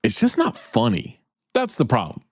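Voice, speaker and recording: A man's voice: medium pitch, wildly swooping pitch, moderate pace, breathy edge, no room sound, clean studio sound. A man co-hosting a film podcast, bluntly dismissing a movie in casual chat. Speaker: podcast co-host.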